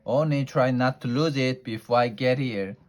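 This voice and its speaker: Man doing a soft, gentle little tooth fairy; timid fairy girl for a storybook reading. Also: medium pitch, moderate pace, lightly acted.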